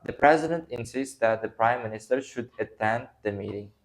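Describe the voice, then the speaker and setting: A man's voice: mid-range voice, normal speed. A man whose first language is Uzbek, teaching an English grammar lesson to a class and acting out example sentences. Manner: acts out example sentences, non-native phrasing.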